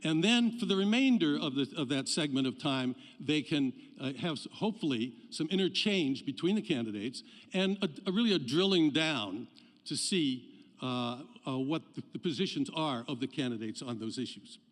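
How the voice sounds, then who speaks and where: A man's voice: fairly high pitch, lively intonation, moderate pace. A man giving a live address to a hall audience before a debate, speaking loosely with many fillers and restarts. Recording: long hall reverb.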